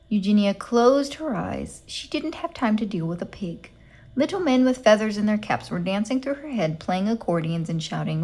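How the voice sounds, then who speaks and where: A woman narrating a children's storybook aloud with an animated, wide-ranging lilt. Her delivery is expressive yet dry, landing each line with a storyteller's wink. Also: mid-range voice. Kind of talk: children's book read-aloud.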